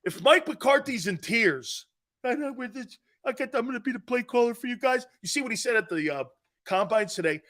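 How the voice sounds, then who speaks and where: A man hosting a sports talk show, joking loudly and laughing often as he riffs on football. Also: extremely high pitch, lively intonation, a little fast. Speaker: sports radio host.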